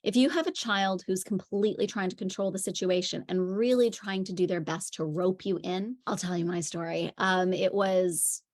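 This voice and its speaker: A woman's voice: fairly low pitch, fairly even intonation, normal speed, few pauses, darkish tone. A woman parenting coach giving a conversational teaching talk, telling stories with frequent fillers. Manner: chatty storytelling with frequent fillers.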